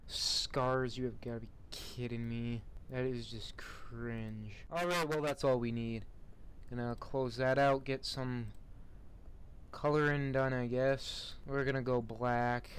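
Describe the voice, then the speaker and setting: A man's voice: medium pitch, steady tone, takes it slowly, clean tone. A young man giving casual, sarcastic commentary while playing a game, mocking what he sees and laughing in bursts. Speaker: gamer.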